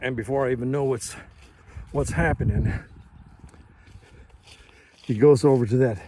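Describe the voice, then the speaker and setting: An older man telling a first-person story in a slow, measured, plainspoken and folksy way. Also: medium pitch, dark tone, slight background noise.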